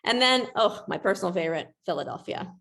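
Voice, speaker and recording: A woman's voice: mid-range voice, expressive, fast, vocal fry, fairly bright tone. A woman presenting a webinar in a chatty, self-deprecating way, with a ready laugh.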